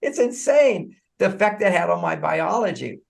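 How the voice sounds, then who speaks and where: A man with a somewhat high voice and a gravelly, creaky edge talks as a guest in a podcast interview. He explains in an animated, conversational way, breaking into small chuckles. He often stumbles and repeats words before finishing his thought. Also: moderate pace. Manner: animated, acts out dialogue, frequent chuckles. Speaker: author guest.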